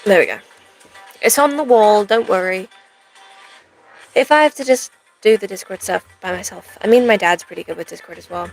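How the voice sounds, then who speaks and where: A woman's voice: medium pitch, moderate pace, long pauses, soft background music, rough recording. A young American woman live streaming, chatting in a rambling way to her viewers. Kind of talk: casual chat to a live stream audience.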